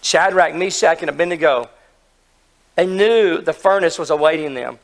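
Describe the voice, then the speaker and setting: A hoarse man preaching an earnest, emphatic sermon, asking his listeners questions as he retells a story. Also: fairly high pitch, moderate pace. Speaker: pastor.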